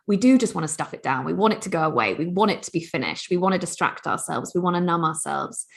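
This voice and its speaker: A woman speaks in a low, gravelly voice with a lot of vocal fry. She muses earnestly in a reflective podcast conversation and leans on "you know, like" as she thinks.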